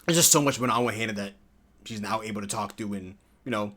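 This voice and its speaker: Bright-voiced excitable young man reviewing. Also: fast talker. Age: early 20s. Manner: excitable, slangy, jumps to high-pitched exclamations. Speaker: TV show reviewer. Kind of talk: casual video review.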